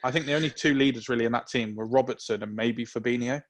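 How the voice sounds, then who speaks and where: A man co-hosting a casual football podcast, giving relaxed, opinionated takes. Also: mid-range voice. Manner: relaxed, opinionated, drawn-out reasoning. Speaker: podcast co-host.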